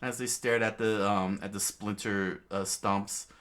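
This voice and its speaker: A man casually reading a comic aloud, halting with many fillers and restarts and chuckling now and then. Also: fairly low pitch, fairly even intonation, fairly bright tone. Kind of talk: casual read-aloud narration.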